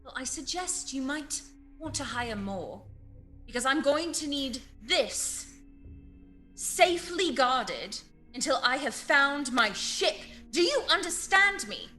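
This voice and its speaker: A woman's voice: high voice, very animated, slow, pushed and bright, pitched above the performer's own voice, full character voice. A woman playing a stern, demanding female starship captain who interrogates and gives orders, with music behind. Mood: commanding. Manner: commanding, interrogating. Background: background music.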